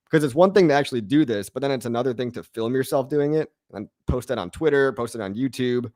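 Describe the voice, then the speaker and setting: A man's voice: medium pitch, fast talker, a little mellow, no room sound. Male host in his thirties, slangy, laid-back, laughs a lot, dry close sound. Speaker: crypto show host. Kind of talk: casual livestream Q&A.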